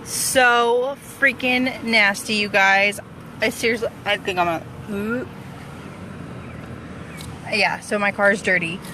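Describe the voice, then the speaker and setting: A woman's voice: mid-range voice, fairly even intonation, moderate pace, background noise. A woman live-streaming from her parked car on a phone, squealing and exclaiming in a freaked-out way. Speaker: vlogger. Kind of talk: casual live-stream chat.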